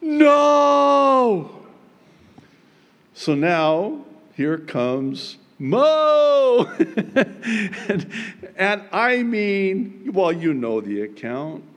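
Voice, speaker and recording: A male pastor praying and then preaching, with bursts of loud, high emphasis on key words. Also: extremely slow. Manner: animated preaching with sudden emphatic pitch jumps. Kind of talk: sermon. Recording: long hall reverb.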